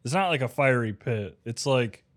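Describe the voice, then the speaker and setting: A man's voice: mid-range voice, animated, moderate pace. A man in casual movie-review banter, dry and wry, laughing along with his friend. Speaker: podcast co-host.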